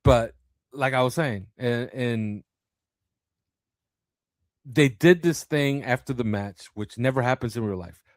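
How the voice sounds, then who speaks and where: A man co-hosting a casual sports podcast, talking in an animated way, laughing and acting out quotes. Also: mid-range voice, measured pace, pauses often, no echo, studio quality. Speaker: podcast co-host.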